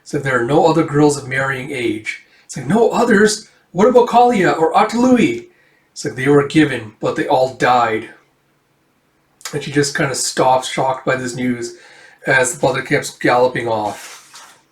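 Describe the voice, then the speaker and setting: A man casually recapping a comic book, voicing the characters' lines himself and jumping into loud shouts for the dramatic ones. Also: medium pitch, fairly even intonation, moderate pace. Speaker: manga reader recapping a comic. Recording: echoey room, far from the mic.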